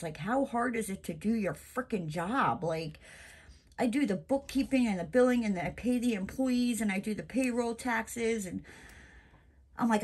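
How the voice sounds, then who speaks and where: A woman's voice: mid-range voice, breathy edge. A woman venting in a casual crafting vlog, exasperated and emphatic, full of "you know" and "like.". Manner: lots of fillers like "you know" and "like". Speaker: crafting vlogger. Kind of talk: casual chat while crafting.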